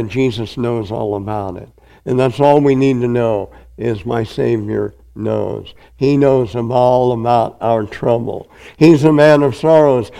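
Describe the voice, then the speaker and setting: A male pastor preaching a sermon, reading scripture aloud and pressing each point with emphatic, drawn-out phrasing. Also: mid-range voice, vocal fry, warm tone, low-quality recording.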